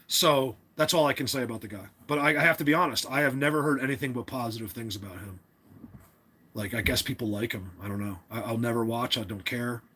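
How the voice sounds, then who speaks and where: Husky opinionated man. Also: medium pitch, bright, forceful tone. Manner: opinionated, rambling, frequent restarts. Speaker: livestream host. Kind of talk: casual livestream chat reading comments.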